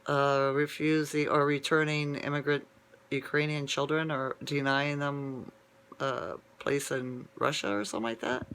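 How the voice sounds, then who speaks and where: A man's voice: on the high side, fairly bright tone, slight background noise. A man talking straight to his viewers in a casual, rambling monologue, digressing and often asking "right?". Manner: digressive, with many restarts and asides. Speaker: vlogger.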